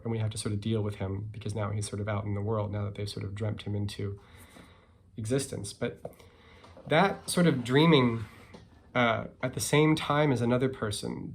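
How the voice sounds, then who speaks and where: A man, a picture book author, talking casually and reflectively about his book with many pauses and fillers. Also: mid-range voice. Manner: relaxed, musing, many fillers and hedges. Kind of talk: casual talk and read-aloud.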